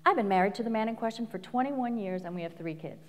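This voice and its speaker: A middle-aged woman coach giving an animated live talk full of stories, laughing often and acting out quotes. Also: mid-range voice, quick pace, big-room sound. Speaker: speaker and coach. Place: large venue before an audience.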